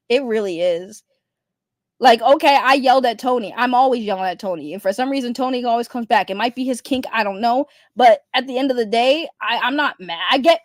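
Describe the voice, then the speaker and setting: A woman's voice: a little high, no room sound, studio quality. A young adult woman streamer giving blunt, profane ranting commentary, repeating her points for emphasis.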